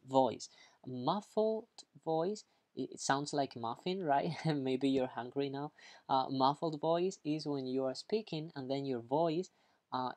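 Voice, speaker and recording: A lively English teacher walks learners through vocabulary in a casual, talkative way. The teacher keeps checking understanding with quick asides and playfully acts out each example. The voice sits at an ordinary middle pitch. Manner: upbeat, chatty, keeps checking in with "okay?"; playful, acts out examples, laughs at own jokes. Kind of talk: online grammar lesson, explaining vocabulary.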